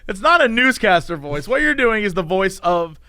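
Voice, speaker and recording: A man co-hosting a podcast, teasing his partner and quick to laugh. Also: high-pitched, sing-song, bright, forceful tone, clean tone, no room sound, studio quality. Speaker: podcast co-host. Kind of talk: casual chat.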